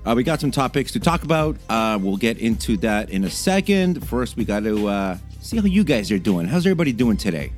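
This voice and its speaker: A man from Canada hosts a casual solo podcast, his voice sitting fairly low. He rambles loosely, piling on fillers and restarting sentences. Faint music plays under him. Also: sing-song, a little fast, few pauses. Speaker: podcast host.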